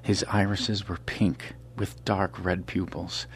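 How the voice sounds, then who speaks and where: Deep, slow male audiobook narrator. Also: flat delivery, a little hiss or hum. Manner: measured, suspenseful delivery. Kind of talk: scripted thriller narration.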